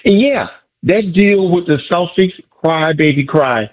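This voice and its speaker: A male caller phoning a sports radio show, excitedly boasting about his team and repeating himself. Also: fairly high pitch, a little slow, phone-quality sound.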